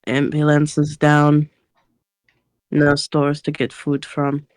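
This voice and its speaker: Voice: medium pitch, monotone, takes it slowly, no room sound. A player in a casual tabletop game session, talking things through with dry jokey asides.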